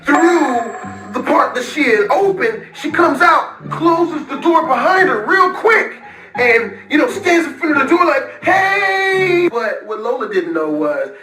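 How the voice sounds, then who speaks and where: A young man narrating an animated story in an excitable, loud way, often laughing as he tells it. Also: very high voice, measured pace. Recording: echoey far-off audio with music.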